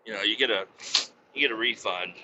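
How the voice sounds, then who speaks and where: A man's voice: lowish voice, brisk, muffled recording, noisy background, lightly acted. A man voicing a matter-of-fact male attendant who offers a do-over in a plain, offhand way. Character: casual male time-travel attendant.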